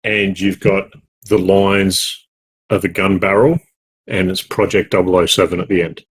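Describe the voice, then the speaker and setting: A man's voice: deep voice, steady tone, unhurried, slight background noise. An Australian man co-hosting a gaming podcast, chatting casually in a rambling, jokey way with many self-corrections. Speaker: podcast co-host. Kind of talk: casual chat.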